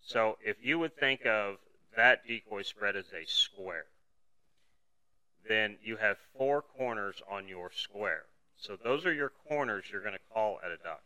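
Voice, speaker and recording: A man with a lowish voice and sharp tone hosts a solo podcast, explaining duck calling to a camera at a measured pace. He teaches conversationally, leaning on everyday analogies, though the recording is rough.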